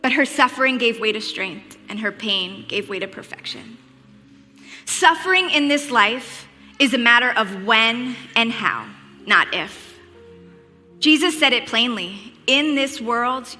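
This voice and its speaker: A woman preaching with earnest warmth, telling personal stories with a wry sense of humor. Her voice is bright and fairly high. Long reverb from a large hall trails after each phrase. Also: animated, a little slow, faint music behind. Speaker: speaker.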